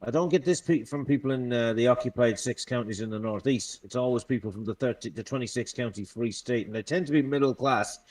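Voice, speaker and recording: A man's voice: medium pitch, fairly quick, few pauses, a little mellow. Blunt swearing man in casual chat. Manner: blunt, heavily profane, exasperated. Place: England.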